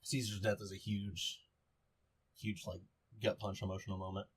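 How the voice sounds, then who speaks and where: A young man on a podcast, talking in an easy, offhand way. His voice sits a little low. He chats casually and sums things up in plain terms. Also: flat delivery, normal speed, slightly rough. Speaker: podcast co-host. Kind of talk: casual chat.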